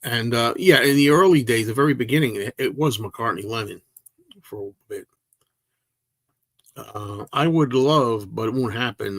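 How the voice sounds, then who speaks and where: Man, casual livestream host, rambling and chatty, dry close sound, middle pitch. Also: gravelly, no room sound. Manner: rambling, self-interrupting, chatty. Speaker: livestream host reading viewer comments.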